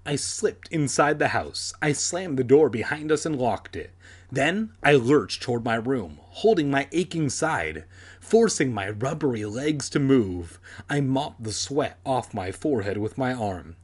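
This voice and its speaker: A man's voice: mid-range voice, lively intonation, measured pace, slightly rough. A young man reading a children's horror book aloud with sardonic, crude comic asides. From San Diego area.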